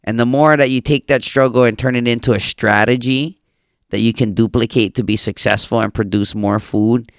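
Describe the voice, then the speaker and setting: A man's voice: mid-range voice, steady tone, moderate pace, dry recording, clean studio sound. A man with a Hawaiian Pidgin accent hosting a podcast on a farm, talking in an easygoing, reflective way. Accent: Hawaiian Pidgin English. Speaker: podcast host. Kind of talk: casual chat.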